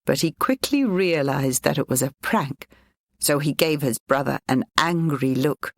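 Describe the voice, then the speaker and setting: A woman narrating a children's storybook in a clear, even reading voice. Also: low-pitched, unhurried, no echo, clean studio sound.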